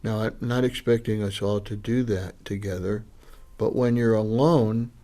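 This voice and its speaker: Lowish-voiced guy, buddhist lama teaching a class, super casual and chatty, acts out voices he quotes. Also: steady tone, a little slow, warm tone. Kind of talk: conversational Dharma teaching. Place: meditation class with students.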